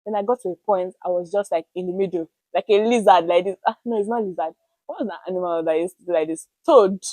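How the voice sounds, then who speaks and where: Animated young woman. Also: on the low side, no room sound, poor audio. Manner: animated, expressive storytelling with dramatic pauses. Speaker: vlogger. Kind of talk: casual storytelling to camera.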